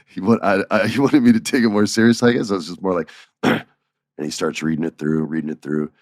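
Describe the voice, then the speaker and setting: A man hosting a podcast, telling stories in a casual, animated way, chuckling and acting out dialogue. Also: low voice, quick pace, no room sound, clean studio sound. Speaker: podcast host. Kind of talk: casual storytelling.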